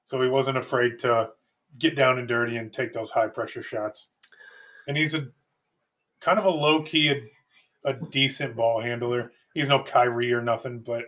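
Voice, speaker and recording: A man's voice: medium pitch, fairly bright tone. A man hosting a casual sports chat, easygoing and a little hesitant. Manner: easygoing, hesitant, uses fillers. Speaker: host.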